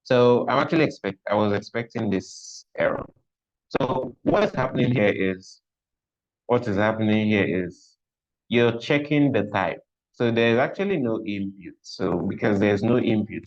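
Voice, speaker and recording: Through dull lo-fi audio, a man with a fairly low, darkish voice runs an online live coding lesson, talking through his thinking and frequently saying things twice.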